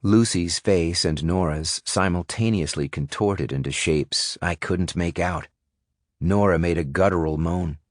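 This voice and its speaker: A man reading a thriller audiobook in first person, measured and suspenseful. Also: low-pitched, no echo, clean studio sound. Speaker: audiobook narrator. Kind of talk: scripted audiobook narration.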